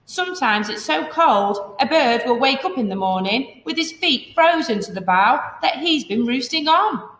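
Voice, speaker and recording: Woman doing a wise kindly bird, lively lilt, echoey hall. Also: high voice, moderate pace, voice pushed up. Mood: knowing. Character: wise friendly big bird, calm.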